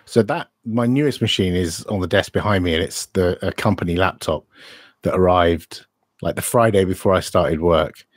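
Male co-host, very deep voice, dry close sound; relaxed, plain-spoken. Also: normal speed, no echo. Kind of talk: casual live-stream chat.

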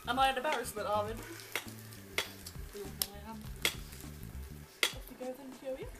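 A woman's voice: on the high side, normal speed. A young woman in a cosplay group playing a party game, cheeky and crude, mock-complaining about being picked on. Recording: loud background music over the voices.

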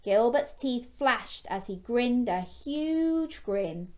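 Woman reading a bedtime story to kids, slow and gentle, keeps asking them stuff. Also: a little high, lively intonation. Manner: gentle, asks young listeners questions. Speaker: children's storyteller.

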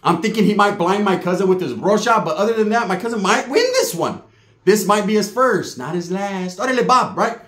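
A man's voice: high voice, lively intonation, a little fast, fairly bright tone, echoey room. A man doing stand-up, telling a profane, slang-filled story and acting out the quotes. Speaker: stand-up comedian.

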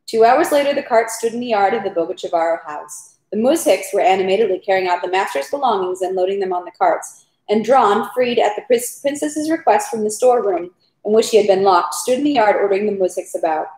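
A woman reads a long novel aloud at home at a steady pace, now and then tripping on a word. Her pitch sits in the middle range. The room gives her voice a roomy echo. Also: fairly quick. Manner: steady reading with occasional stumbles. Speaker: reader.

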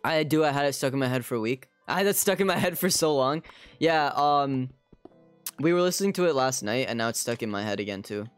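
A man's voice: mid-range voice, lively intonation, brisk, smooth, soft background music. A man streaming a game and chatting casually with his viewers. He rambles a lot and fills his talk with "like". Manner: rambling, many "like" fillers, talks to chat. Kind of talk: casual live gaming chat.

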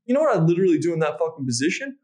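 A man's voice: fairly high pitch, very animated, rapid-fire, a little mellow. A man in casual podcast talk as a dating coach, blunt and profane, acting out his own lines.

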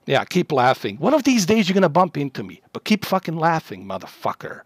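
A man's voice: fairly high pitch, big pitch swings, brisk, breathy edge, dry recording, studio quality. A man from Bosnia, a livestreamer, delivering an aggressive, profane rant at a chat troll.

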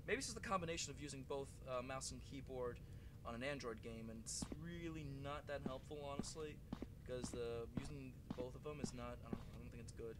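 A young man hosting a gaming channel, giving rambling let's play commentary full of fillers and breaking into yelps and swears when the game startles him. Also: mid-range voice. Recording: audible clicking and background noise.

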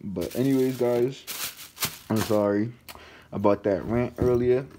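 A man's voice: medium pitch, unhurried, noisy background. A young man vlogging an unboxing, ranting in slangy, profane casual talk while he is sick.

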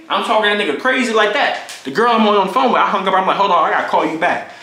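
A young man rattles through a storytime vlog at a fast clip, voice sitting a bit high for a man. He is animated and profane, acting out each quoted line. The sound is roomy and echoey. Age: young adult. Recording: echoey room.

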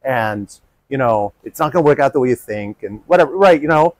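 A man presenting a dating workshop, answering audience questions in an earnest, animated way and acting out inner dialogue. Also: medium pitch, a little fast, no room sound. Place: workshop room.

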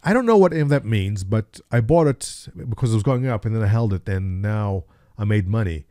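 A man voicing his boastful young friend, a clueless novice day trader who brags about quick profits. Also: fairly low pitch, expressive, warm tone, no echo, clean studio sound, natural voice. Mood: bragging.

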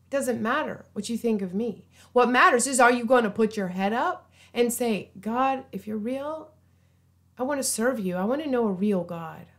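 A woman giving an informal sermon, earnest and pleading, often dropping to a hushed voice. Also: on the high side. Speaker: preacher.

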